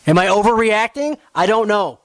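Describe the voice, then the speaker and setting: A man's voice: high-pitched, expressive, moderate pace, no room sound. A young man hosting a sports podcast, ranting with swearing and frustration about his team. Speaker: podcast host.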